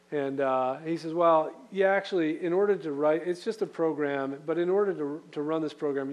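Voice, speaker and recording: A man's voice: a little high, a little mellow. A man preaching a sermon in a conversational way, with fillers and acted-out quotes. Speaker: pastor.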